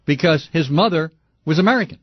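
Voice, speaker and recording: A man's voice: a little high, animated, a little fast, no room sound, lo-fi sound. A man hosting a call-in radio talk show, arguing with callers and ranting in outrage. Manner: heated ranting, shouts in outrage.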